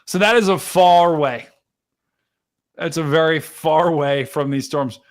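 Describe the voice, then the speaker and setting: A man hosting a live storm-tracking stream, chatting casually to his viewers and explaining radar, excitable and talkative. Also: a little high, slow. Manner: excitable, chatty, talks to chat directly. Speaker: livestream weather host.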